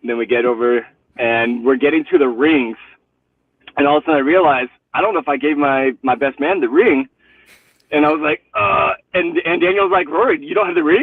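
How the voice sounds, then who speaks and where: A man calling in to a livestream and telling a lively story with frequent laughter. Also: a little high, brisk, no room sound, distant mic. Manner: animated storytelling, laughing often. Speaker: guest caller. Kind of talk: casual chat. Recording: tinny phone-like line.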